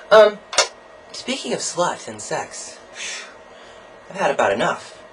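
A man's voice: unhurried, long pauses, noisy background. Campy, profane young man ranting. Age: young adult. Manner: animated, campy and profane, with big swings in pitch and loudness; sarcastic, jokey asides. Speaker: college student vlogger. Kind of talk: casual video diary rant.

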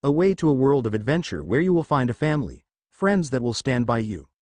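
Male reader doing a gentle female magic spirit for a storybook audio; tender, animated delivery. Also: mid-range voice, a little fast, dry recording. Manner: gentle, mournful, calls her "my child".

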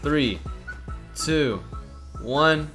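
A young man running a game for his viewers, his bright voice swinging high and low as he calls out orders. He laughs easily, then goes quiet and low for the commands. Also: lively intonation, drawn-out words, faint music behind. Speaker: gaming channel host running a game. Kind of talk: energetic game-show hosting over voice chat.

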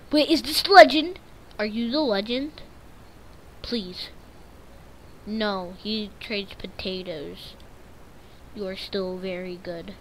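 A woman's voice: mid-range voice, a bit bright, a little hiss or hum. A woman giving live gameplay commentary, jittery and easily frightened, repeating words in nervous strings and breaking into sudden shrieks. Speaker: gaming channel host.

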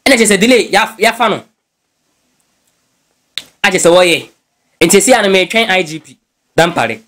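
High-voiced man in animated gossip commentary. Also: normal speed. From Ghana. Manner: animated, mixes English phrases into his talk. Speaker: news blogger.

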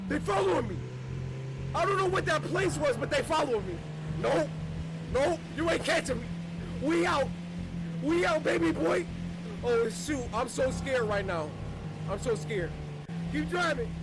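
A man giving excited commentary as he plays a horror game, loud and jumpy, shouting in fright and speaking in casual slang. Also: extremely high pitch. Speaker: gamer playing a horror game.

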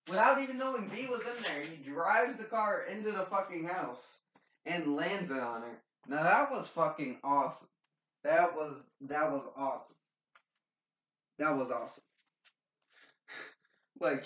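A young man casually reviewing a movie with spoilers, excitable and profane. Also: a little high, a little slow. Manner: excitable, profane, laughing asides. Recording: roomy, dull, distant mic with faint noise.

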